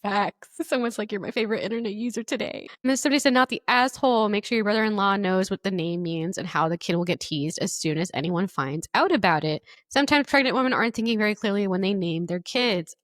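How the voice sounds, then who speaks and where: A woman's voice: medium pitch, fast talker, hardly any pauses, no room sound. Woman, young adult, podcast host, blunt and opinionated, dry close sound. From United States. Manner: blunt, opinionated, laughs often, swears freely. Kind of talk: casual podcast chat reading online posts.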